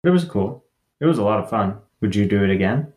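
A man's voice: lowish voice, animated, fast talker, a little mellow, reverberant. Young man, casual chat, dry short interjections, laid-back co-host. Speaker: co-host and travel partner.

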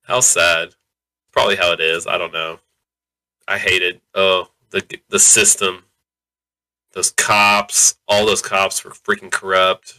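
A man co-hosting a casual podcast about a movie, excitable and quick to laugh, now and then slipping into mock voices. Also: low voice, rough recording. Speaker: podcast co-host. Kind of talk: casual movie review chat.

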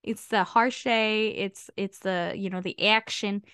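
A woman's voice: medium pitch, takes it slowly, smooth, no echo, studio quality. A woman from the United States co-hosting a podcast, chatting casually and making emphatic asides. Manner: animated and emphatic, asides with "okay?". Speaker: podcast co-host. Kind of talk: casual chat.

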